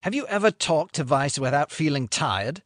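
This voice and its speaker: A man's voice: fairly high pitch, big pitch swings, normal speed, dry recording, studio quality. A man playing an impassioned young suitor. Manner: earnest, impassioned pleading. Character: passionate, earnest young Englishman in love. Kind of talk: audiobook reading.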